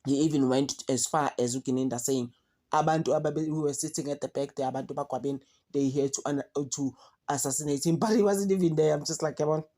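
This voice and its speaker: A woman's voice: low-pitched, steady tone, fast, dark tone. A South African woman giving outspoken, exasperated commentary, mixing English and Zulu in a casual chat. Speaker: commentary vlogger.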